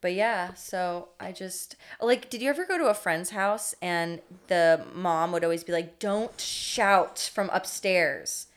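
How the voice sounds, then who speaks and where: A woman's voice: lowish voice, normal speed, hardly any pauses, clear, resonant tone. A young woman co-hosting a podcast, chatting casually in a wry, matter-of-fact way. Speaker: podcast co-host. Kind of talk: casual chat.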